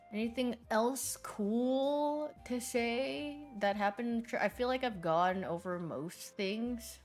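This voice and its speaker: A young woman streamer in casual chat with viewers, telling stories in a chatty, animated way and putting on voices for the people in them. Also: medium pitch.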